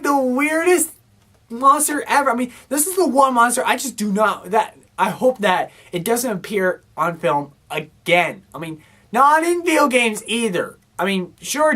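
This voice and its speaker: A woman's voice: on the high side, a bit bright. Exasperated woman ranting a movie review. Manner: exasperated, rambling, lots of "I mean" fillers. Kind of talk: casual film review rant.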